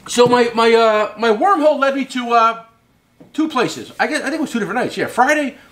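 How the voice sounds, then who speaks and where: A man's voice: very high voice, animated, brisk, a bit bright. A middle-aged man hosting his own show, telling a long story in a loose, rambling way and swearing casually. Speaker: host and tool company owner.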